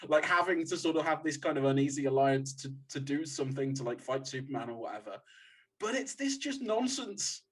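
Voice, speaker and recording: A man on a film podcast panel, talking in an animated, exasperated way in casual roundtable chat. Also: mid-range voice, fast, few pauses.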